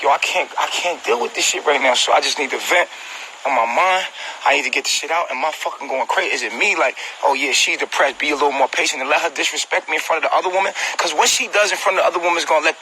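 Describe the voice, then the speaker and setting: Man, upset and hurt, venting to livestream viewers from home on a phone; high, very bright and strained voice, repetitive and profane. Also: slight background noise, poor audio. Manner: agitated, repetitive, profane, talks directly to viewers. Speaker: vlogger on a live stream. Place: at home, indoors.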